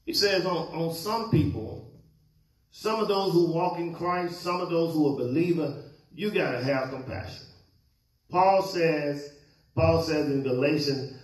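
A man's voice: on the high side, measured pace. A male pastor preaching a sermon, questioning his congregation and waiting for answers. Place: church sanctuary. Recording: echoey church hall.

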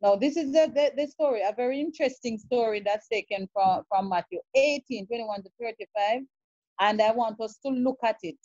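A woman's voice: on the high side, darkish tone, no echo. A woman teaching a sermon and reading scripture aloud, often repeating words and checking in with the listeners. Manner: halting, repeats words, checks with "all right?". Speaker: preacher. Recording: dull, dry, lo-fi sound.

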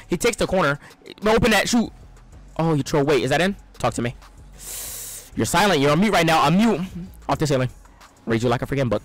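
A young man giving excitable, trash-talking live commentary on his own gameplay, swinging between loud outbursts and low mutters. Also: no room sound. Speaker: gaming streamer.

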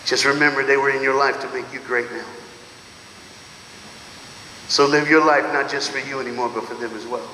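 A man giving a motivational speech to students, animated, calling out to the crowd, laughing often and swinging from loud to hushed. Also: medium pitch, brisk, pauses often, a little hiss or hum. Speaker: motivational speaker. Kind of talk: school assembly motivational speech. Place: large school auditorium or gym. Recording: echoey hall with long reverb.

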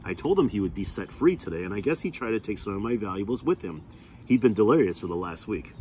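Storybook: man voicing a cold, scheming camp warden, woman, measured and low. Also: expressive, warm tone, slight background noise, natural voice.

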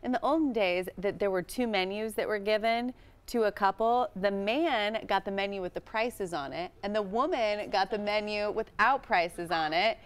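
A woman's voice: medium pitch, normal speed, clear, resonant tone. A woman guest on a TV talk show, chatting casually and laughing often as she shares dating tips. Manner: giggly, chatty. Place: TV studio.

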